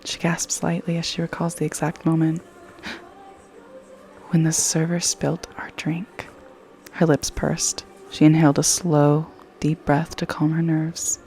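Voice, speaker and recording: A young woman reads a story in hushed ASMR narration. Her voice is very low and gravelly with a mellow, dark tone, and a faint hiss sits behind it. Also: completely flat delivery, slow pace. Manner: soft, whispery. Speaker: ASMR creator.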